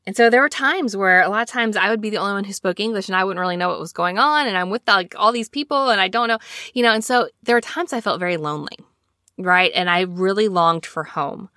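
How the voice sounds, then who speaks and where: Woman, 30s, from Alabama; chatty scripture-lesson host, bright tone, dry close sound, rambling storyteller. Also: medium pitch, fast talker, no echo. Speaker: scripture study podcast host.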